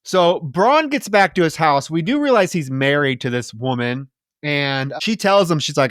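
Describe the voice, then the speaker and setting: Man, podcast co-host, animated and profane recap, fairly high voice, dry sound. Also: moderate pace, dry recording. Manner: animated, profane, laughs often. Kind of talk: casual film recap chat.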